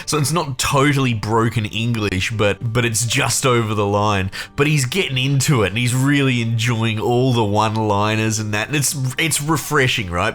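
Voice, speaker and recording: Male game reviewer, mid-pitched, excitable and rambling, soft music underneath. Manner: chatty, enthusiastic, lots of fillers and restarts. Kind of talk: casual game review talk.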